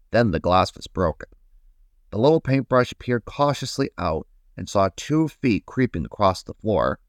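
A man hosting a podcast, reading a children's story aloud in a gentle, guiding way. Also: low voice, no echo, studio quality. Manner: gentle, slow, guiding listeners. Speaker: host and storyteller.

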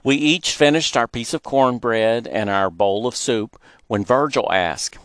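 A man narrating a childhood memoir story in a plain, unhurried way. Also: medium pitch, a bit bright, dry recording, studio quality.

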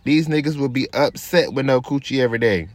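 A man's voice: a little fast, no room sound. A man, ranting on his podcast in a brash, profane, casual way. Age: 20s. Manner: drops into a low, laid-back murmur while rolling a blunt. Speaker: podcast host. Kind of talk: casual rant.

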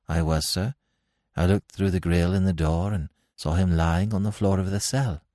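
A man's voice: sits low, fairly even intonation, moderate pace, mellow, no echo, studio quality, close to an everyday voice. A man voicing a nervous male prison warder who answers in a subdued, hesitant, dogged way in an audiobook reading.

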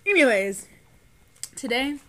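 Bright-voiced young woman chatting. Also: high-pitched, slow. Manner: animated storytelling, swears freely. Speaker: podcast co-host. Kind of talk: casual chat.

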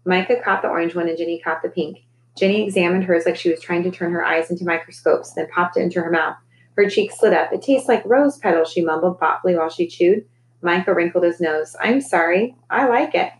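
A woman, a teacher, reading a children's novel aloud in a gentle, clear storytelling manner. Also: lowish voice, a little hiss or hum, poor audio.

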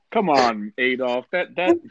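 Young male sidekick, lively, swears, muffled lo-fi mic. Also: medium pitch. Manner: laid-back, eggs on the jokes, swears. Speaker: podcast co-host. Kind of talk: casual joking chat. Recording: dull lo-fi sound.

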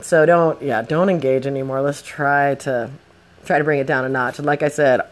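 A young woman telling a casual story full of swearing, acting out the shouting. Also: very deep voice, normal speed. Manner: profane, animated, acts out the shouting.

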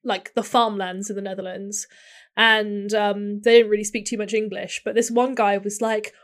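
A woman's voice: medium pitch, little pitch movement, normal speed. A young woman co-hosting a casual chat, telling a rambling story and laughing often.

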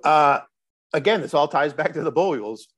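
A man's voice: fairly high pitch, moderate pace, breathy edge. Middle-aged man from Chicago telling a story. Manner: rambling, animated storytelling with restarts and swearing. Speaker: musician guest. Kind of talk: casual storytelling interview.

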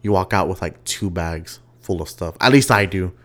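A young man hosting a casual solo podcast, chatty and quick to laugh as he tells stories. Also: low voice. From West Texas. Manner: chatty, giggly, animated storytelling. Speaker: podcast host.

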